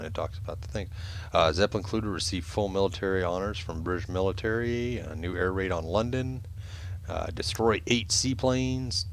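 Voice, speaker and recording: Deep-voiced man narrating a flight game. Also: moderate pace, a little hiss or hum. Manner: relaxed, explains as he goes, many ums and uhs. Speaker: gameplay video host. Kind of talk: casual gameplay commentary.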